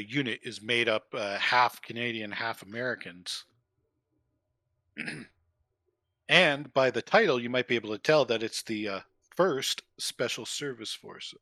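Middle-aged man, bright forward tone, dry close mic, eager hobby chat with lots of "uh"s. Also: mid-range voice, dry recording. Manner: enthusiastic, rambling with fillers. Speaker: co-host.

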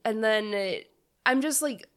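A woman co-hosting a film podcast in a relaxed, chatty way. She laughs easily and swears without a second thought, running through her notes with playful asides. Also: a little high, measured pace, smooth. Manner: laughs often, swears casually. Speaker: podcast co-host. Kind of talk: casual movie review chat.

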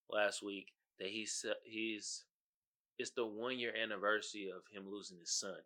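A man hosts his own show, talking loosely. His voice sits high and sounds very bright and forceful, with pitch that leaps around. He drops to mutters, then bursts into shouts and laughter. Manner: animated, swings from mumbling to shouting, laughs often. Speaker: podcast host. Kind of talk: casual solo commentary.

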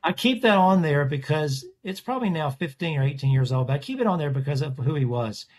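A man's voice: a little high, expressive, fast talker, a little mellow. A man, a portrait artist, chatting casually in an interview and rambling through stories with frequent restarts. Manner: rambling, self-correcting storyteller.

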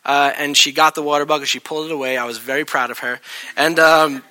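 A man's voice: a little high, fast. A man preaching a sermon as pastor of his church, telling stories animatedly and acting out the people in them. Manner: animated storytelling, acting out voices.

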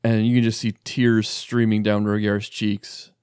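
A man playing a tabletop game, describing his character's actions haltingly. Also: on the low side, flat delivery, darkish tone, smooth, no room sound, clean studio sound. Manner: halting, lots of "like". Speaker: player.

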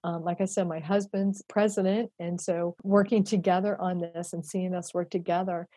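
A woman in her fifties, a guest and executive director, telling a heartfelt story in an animated, emphatic way that often repeats itself. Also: fairly low pitch, normal speed, slightly rough, no room sound.

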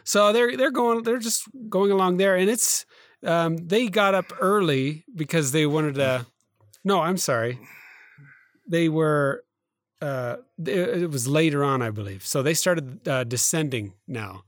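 Casual podcast co-host, male, slightly higher voice, rambling storyteller, dry close sound. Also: dry recording. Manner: rambling, halting retelling with many fillers and self-corrections.

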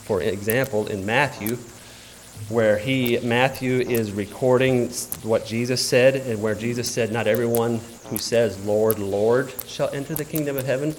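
A man preaching a sermon in a conversational way, with fillers and questions to the audience, swinging from loud exclamations to quiet asides. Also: mid-range voice, fairly even intonation, normal speed, slight background noise. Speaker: pastor.

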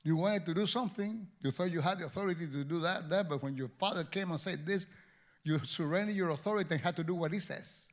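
A man preaching a sermon as pastor, animated and joking with the congregation. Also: high-pitched, fast.

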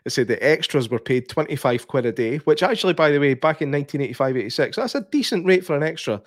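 A man's voice: fairly high pitch, animated, fast, dry recording. Dry-sounding chatty Scottish man. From Scotland. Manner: chatty, laughs often, many fillers and restarts. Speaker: podcast co-host. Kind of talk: casual film chat.

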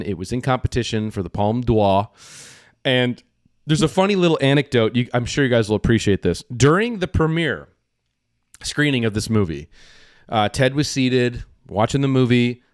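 Podcast co-host, man, rambling and profane, mid-pitched voice, dry close mic. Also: normal speed, dry recording. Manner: rambling, profane storytelling with animated quoted voices. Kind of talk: casual film podcast chat.

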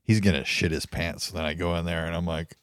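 A man's voice: sits low, fairly even intonation, fairly quick, clean tone, dry recording, studio quality. A young man co-hosting a comedy podcast, loose and crude, often slipping into goofy voices. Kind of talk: casual comedy podcast banter.

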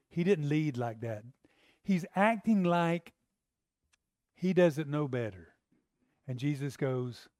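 A man's voice: on the high side, expressive, a little slow, pauses often, darkish tone, no echo. Conversational preacher, man with a dry sound. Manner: conversational, rhetorical questions to the congregation. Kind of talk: sermon.

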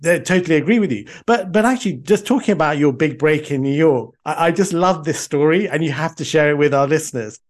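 Enthusiastic male podcast host, slightly high. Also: animated, fast talker, few pauses. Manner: enthusiastic, repeats words as he starts sentences. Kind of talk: casual interview chat.

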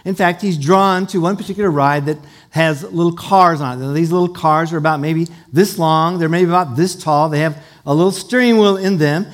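A man's voice: a little high, fairly quick. A middle-aged man preaching a sermon as pastor, telling a family story and leading a call-and-response with the congregation.

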